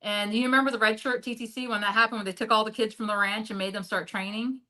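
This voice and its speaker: A woman guest in an interview, telling a story bluntly with a lot of swearing and filler words, swinging from high excited bursts to low muttered asides. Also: quick pace, low-quality recording. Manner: blunt and heavily profane, leans on "like" as a filler; animated, jumps up and drops low in pitch and loudness. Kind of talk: candid storytelling in a sit-down interview.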